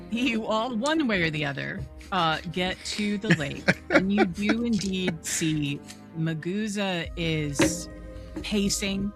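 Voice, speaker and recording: A game master running a tabletop game, narrating in a lively storytelling way. The voice sits at a middling pitch. Faint music plays underneath. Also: slow pace.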